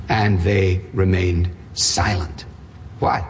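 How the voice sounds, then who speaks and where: Husky preacher man in a reverberant hall. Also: on the high side, lively intonation, moderate pace. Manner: rhetorical questions, wry asides, dramatic emphasis. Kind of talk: sermon.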